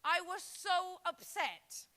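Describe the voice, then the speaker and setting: A woman from Greece performing a stand-up comedy set, animated and breaking into shouted character voices. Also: very high-pitched, slow, background noise.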